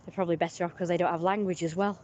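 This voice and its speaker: A woman's voice: fairly low pitch, fairly even intonation, very fast, darkish tone, a little hiss or hum. A young British woman livestreaming a casual, rambling opinion rant, often mocking others in put-on voices.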